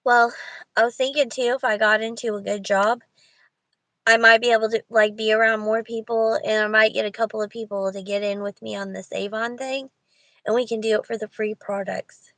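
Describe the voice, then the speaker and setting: A woman's voice: a little high, fairly even intonation, brisk, a bit bright, no echo, poor audio. A woman in casual livestream chat, rambling and thinking aloud to her viewers. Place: Walmart parking lot.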